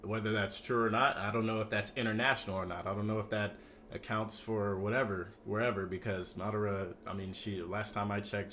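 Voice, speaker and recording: A man's voice: lowish voice, fairly bright tone, slight background noise. A man hosting a reaction video, chatting casually and thinking aloud with fillers.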